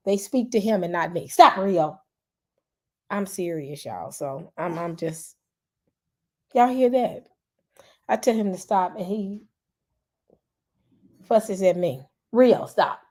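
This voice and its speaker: A woman, chatting casually with her livestream viewers and greeting them by name. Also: mid-range voice. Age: 40s. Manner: chatty and animated, calls out to viewers, frequent "y'all". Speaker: YouTube channel host.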